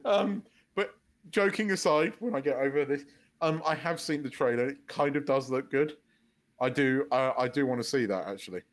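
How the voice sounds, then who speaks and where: A man co-hosting a casual podcast chat, animated and quick to laugh. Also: mid-range voice. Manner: animated, laughs loudly, shouts impressions. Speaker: podcast co-host.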